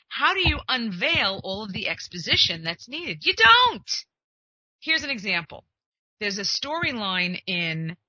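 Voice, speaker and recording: A woman hosting an advice show in a chatty, emphatic way, acting out the exchanges she recounts. Her voice is very bright and forward, with a husky, breathy edge. The recording is dry and a little muffled. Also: on the low side, no room sound. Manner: chatty, emphatic, acts out quoted conversations. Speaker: literary agent and podcast host. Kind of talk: casual advice monologue.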